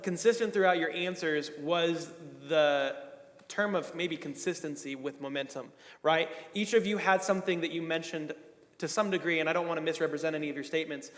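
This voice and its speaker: A man's voice: fairly high pitch, a bit bright. A man moderating a conference panel, summarizing answers with playful asides. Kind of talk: panel discussion. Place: conference stage. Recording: echoey hall.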